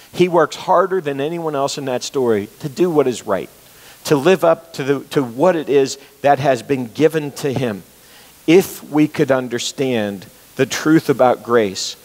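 Earnest preacher in a ringing hall. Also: male voice, mid-range voice. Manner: earnest storytelling, repeats for emphasis. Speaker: pastor. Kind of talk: sermon. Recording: long reverb of a large hall.

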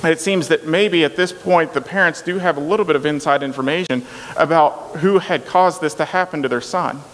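Sermon, man, higher voice, retells scripture, echoey hall. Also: fairly quick, a bit bright. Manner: retells scripture with acted quotes, repeats words. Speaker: preacher. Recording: long hall reverb, faint noise.

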